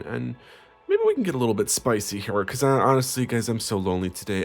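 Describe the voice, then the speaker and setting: A man's voice: on the low side, big pitch swings, fast, soft background music. A man hosting a comedic parody tarot reading, sugary and melodramatic with frequent swearing. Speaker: tarot reader host.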